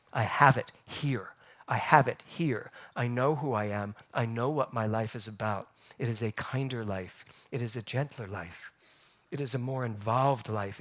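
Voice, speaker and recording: A man preaching a sermon as pastor, telling stories and asking the congregation questions in a lively way. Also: on the low side. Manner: animated storytelling, rhetorical questions. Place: church sanctuary.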